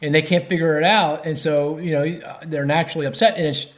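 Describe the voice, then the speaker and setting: Animated economist, lively pitch. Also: male voice, a little fast. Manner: animated, thinks aloud with fillers and restarts. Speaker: economist guest. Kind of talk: podcast interview.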